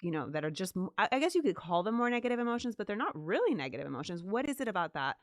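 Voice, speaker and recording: A woman's voice: mid-range voice, very animated, very fast, no echo, clean studio sound. A woman co-hosting a conversation, asking curious, engaged questions. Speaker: podcast co-host. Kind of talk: conversational interview.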